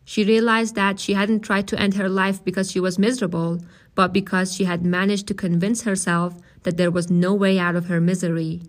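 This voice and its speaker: A woman reads a novel aloud as its narrator. Her delivery is measured and steady, at a middle pitch. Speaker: audiobook reader.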